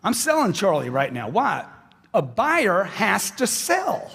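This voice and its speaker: A man's voice: high-pitched, slow, vocal fry, breathy edge. A man giving a motivational speech to a live audience, talking emphatically, repeating lines for effect and acting out conversations. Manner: animated, repeats lines for emphasis and acts out dialogues. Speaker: motivational speaker. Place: large hall with live audience. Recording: long hall reverb from a stage.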